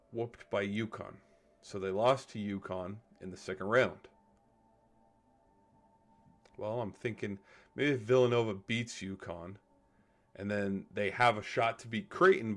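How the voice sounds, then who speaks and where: A man streaming casual sports commentary, thinking out loud as he goes and swearing casually. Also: fairly low pitch.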